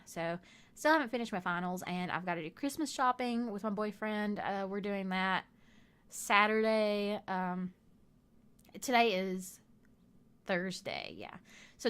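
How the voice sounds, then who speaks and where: Young southern girl rambling thru a game build, chatty, mid-pitched voice. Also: a bit bright, clean tone. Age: young adult. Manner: rambling, chatty, easily off topic. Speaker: gaming video creator. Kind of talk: casual chat over a game build.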